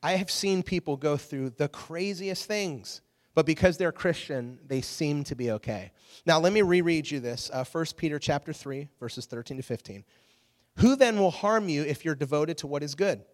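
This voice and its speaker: A man preaches in a relaxed, storytelling way, acting out the people in his anecdote. His voice sits a little higher than most men's. The long reverb of a church hall trails after his words. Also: normal speed. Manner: animated storyteller, acts out quotes. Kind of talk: casual sermon with storytelling.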